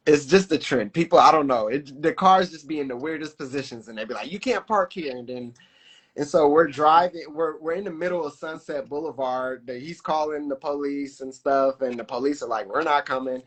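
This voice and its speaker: A man telling a personal story in casual conversation, animated and full of fillers, acting out the lines of people he quotes. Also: medium pitch. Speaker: podcast guest.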